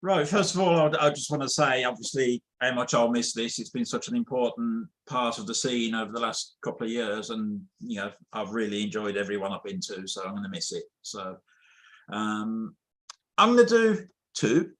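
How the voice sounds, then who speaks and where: Deadpan man reading comic verse. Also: medium pitch, moderate pace. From England. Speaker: open mic poet. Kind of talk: chatty intro, then deadpan comic verse. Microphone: home computer mic on a video call.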